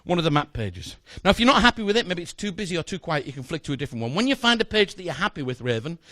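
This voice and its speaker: A man's voice: a little high, big pitch swings, rapid-fire, bright, forceful tone, no room sound. A middle-aged man doing playful, joking stage patter as a magician, chatting with a volunteer from the audience. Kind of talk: live comedy magic patter.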